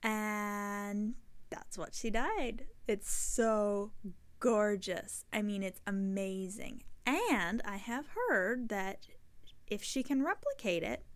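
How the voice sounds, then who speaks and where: A woman hosts a knitting podcast, chatting casually to camera in a rambling way and often correcting herself mid-sentence. Her mid-range voice moves slowly.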